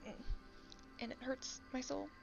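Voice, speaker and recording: Casual woman chatting while drawing, some vocal fry, dull lo-fi mic, soft music behind. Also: sits high, fairly even intonation. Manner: rambling, laughs often, acts out quick voices. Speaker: content creator.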